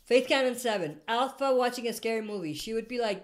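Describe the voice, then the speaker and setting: A woman with a slightly high voice talks fairly quickly while hosting a casual live stream. She reads out viewer comments and rambles through her replies to their questions, often catching and correcting herself.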